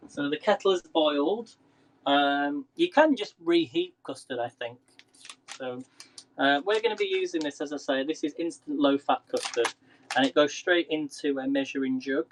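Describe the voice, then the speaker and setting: A chatty man talks his viewers through a recipe from his home kitchen, laughing easily and calling out to people by name. His voice sits a little high, and a faint hum runs under the recording. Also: moderate pace, poor audio. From England. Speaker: live cooking streamer. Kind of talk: casual live-stream cooking chat.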